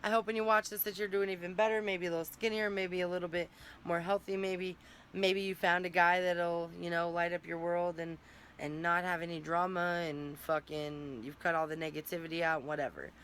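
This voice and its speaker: A woman's voice: on the low side, level tone, fairly quick, fairly bright tone, a little hiss or hum. A young woman talking candidly and emotionally in a personal vlog, rambling and close to tears at times. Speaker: vlogger.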